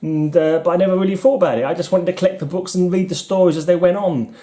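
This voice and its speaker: A man's voice: high voice, fairly even intonation, fast, dark tone. A middle-aged man with a British accent chatting casually and rambling while flipping through his comics, often self-deprecating and chuckling. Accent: British English. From United Kingdom. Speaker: comic collector vlogger.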